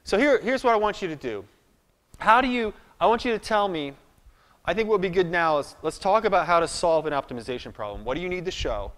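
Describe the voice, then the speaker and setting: Chatty math lecturer in a reverberant hall. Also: male voice, high voice, lively intonation, quick pace, a bit bright. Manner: chatty, self-deprecating, thinks aloud at the board. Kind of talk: live classroom lecture.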